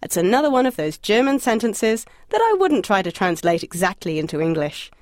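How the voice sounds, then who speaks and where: A woman narrating a scripted audio language lesson, encouraging and lightly humorous, asking the listener to answer out loud. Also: mid-range voice, sing-song, a little fast, no echo, clean studio sound. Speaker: language course instructor.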